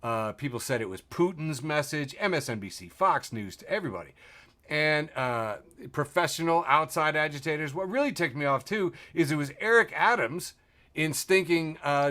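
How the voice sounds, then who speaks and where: A man's voice: fairly high pitch, animated, normal speed, a bit bright. A man hosting a podcast who runs through news items in a rambling, sardonic way, swearing freely and chuckling often over a video call. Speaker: podcast host. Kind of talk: casual news-and-memes chat.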